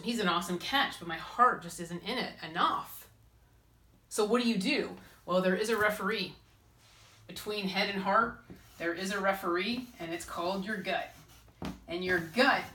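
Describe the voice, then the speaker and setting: A woman hosting a spiritual advice talk, speaking in a lively way and acting out inner voices and quotes. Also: mid-range voice. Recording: roomy echo.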